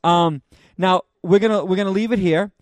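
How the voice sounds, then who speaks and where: A man, a pastor, teaching the Bible verse by verse in a conversational way, with joking asides and loud, emphatic readings of the scripture. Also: high voice, moderate pace, no room sound.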